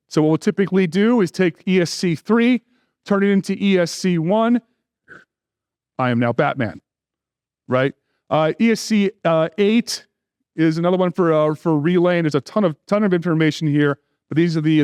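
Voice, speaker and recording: High-voiced man giving a joking conference talk. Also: a little mellow, clear, resonant tone, dry recording, clean studio sound. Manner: conversational with joking asides. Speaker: security conference speaker.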